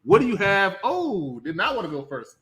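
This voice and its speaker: A man hosting a loose podcast segment in a playful, teasing way. His voice sits somewhat high. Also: very animated, normal speed, fairly bright tone. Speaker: podcast host. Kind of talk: casual podcast chat.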